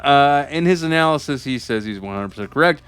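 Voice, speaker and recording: An American man co-hosts a comedy podcast, tossing out wry, dismissive one-liners and often restarting his sentences. His voice is of middle pitch. The recording is dry and close. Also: lively intonation, fairly quick, fairly bright tone, smooth, no echo. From United States. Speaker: podcast co-host. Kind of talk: casual comedy podcast banter.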